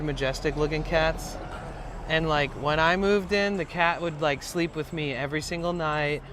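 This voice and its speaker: Dude streaming outside on his phone, kinda high voice, swears a lot, faint street noise. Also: a bit bright. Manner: rambling storytelling, swears, reads chat aloud. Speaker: livestreamer. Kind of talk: casual livestream chat. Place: outdoors in a van trip setting.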